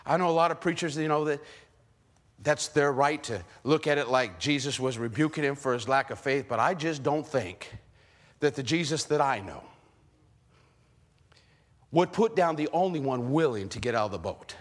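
Animated male preacher with a high voice. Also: moderate pace. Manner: animated, rhetorical questions to the congregation. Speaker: pastor. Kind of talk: sermon.

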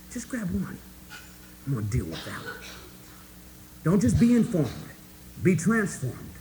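A man preaching a sermon to his congregation, emphatic and folksy, swinging between hushed asides and loud, rising points. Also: on the high side, low-quality recording. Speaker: pastor.

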